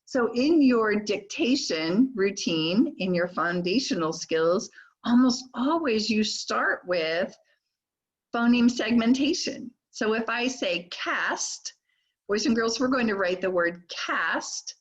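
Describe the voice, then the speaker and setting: An older woman giving a teacher training lecture on reading skills, slowly sounding out words and their sounds. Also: fairly high pitch, lively intonation, husky, dull audio. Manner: slow, deliberate modeling of speech sounds. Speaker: literacy trainer.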